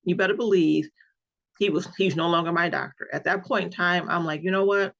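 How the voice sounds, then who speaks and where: Gravelly-voiced woman telling her story. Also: lowish voice, brisk, fairly bright tone. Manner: earnest, emphatic, repeats key words. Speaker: patient sharing her own experience. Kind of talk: personal storytelling. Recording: dull lo-fi recording.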